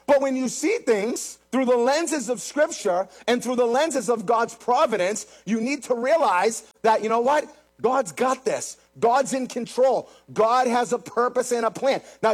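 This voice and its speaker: A man's voice: extremely high pitch, animated, moderate pace. A man preaching a sermon, emphatic and repetitive, speaking straight to his congregation. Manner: emphatic, repeats phrases, addresses the congregation directly. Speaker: pastor.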